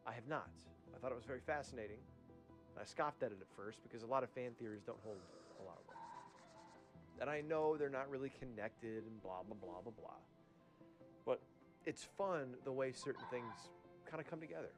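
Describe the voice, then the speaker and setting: Male podcast host, mid-pitch, loose and chatty, slightly worn-out voice, music bed underneath. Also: moderate pace. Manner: rambling, chatty, with restarts and asides. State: losing his voice. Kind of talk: casual podcast monologue.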